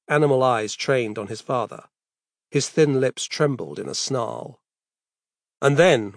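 A man narrating a scripted horror story in a steady, measured reading. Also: mid-range voice, dry recording, studio quality.

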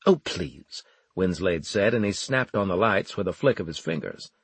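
A man narrating a first-person story in a plain, wry, steady manner. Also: deep voice, a little fast, slightly rough, dry recording. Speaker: audiobook narrator.

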